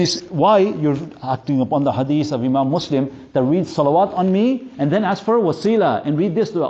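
A man's voice: a little high, dark tone, muffled recording. Man teaching, racing through Arabic prayers. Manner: earnest, repeats himself, breaks into rapid Arabic recitation. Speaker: religious teacher. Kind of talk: Islamic teaching lesson.

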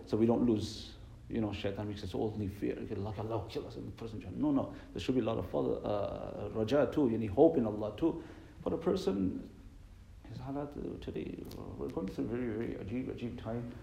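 Low, gravelly-voiced man giving an earnest sermon. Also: a little fast, mellow, echoey room, poor audio. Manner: earnest, repetitive, mixes Arabic and Urdu terms. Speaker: imam giving a religious talk.

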